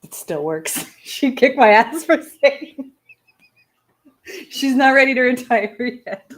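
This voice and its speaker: A woman's voice: high-pitched, lively intonation, slow. A woman in her thirties hosting a live show, chatting casually with viewers, laughing often and making self-deprecating asides. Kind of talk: casual personal chat.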